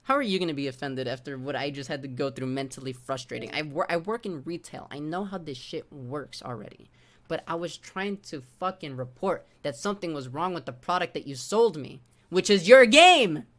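A man's voice: fairly high pitch, a little fast. A man ranting angrily on a gaming live stream, venting his frustration with a lot of swearing. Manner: angry, profane venting.

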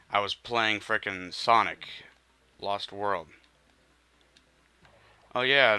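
A man's voice: lowish voice, bright, forceful tone, clean tone, dry recording. A young man commentating his gameplay, frustrated and swearing, often muttering under his breath. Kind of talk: let's play commentary.

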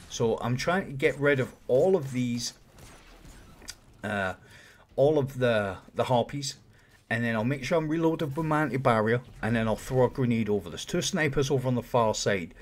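A man's voice: mid-range voice, normal speed. A man talking viewers through a game run in a casual, explanatory commentary voice-over. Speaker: video game guide creator.

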